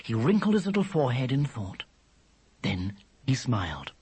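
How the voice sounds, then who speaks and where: A narrator reading a children's story aloud, with a measured delivery that drops low for the speech tags. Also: sing-song, darkish tone, breathy edge. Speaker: audiobook narrator.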